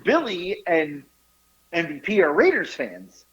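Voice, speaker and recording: A man's voice: fairly high pitch, wildly swooping pitch, measured pace, a bit bright. A man in his forties, a podcast host, telling a rambling, profane story with laughs and restarts. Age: 40s. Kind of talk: casual storytelling chat. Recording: dull lo-fi podcast audio.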